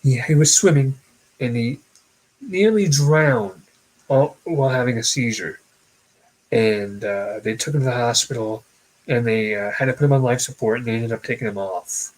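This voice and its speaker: Husky young man telling a story. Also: medium pitch, rough recording. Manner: halting, with many fillers and restarts. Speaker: podcast co-host. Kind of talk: casual chat, personal storytelling.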